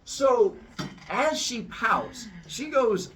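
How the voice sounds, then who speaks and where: A man's voice: very animated, a little slow, fairly bright tone, far from the mic. A man casually retelling an old myth as a comic story, playfully switching into character voices. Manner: playful, jumps into high squeaky voices for characters. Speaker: storyteller host.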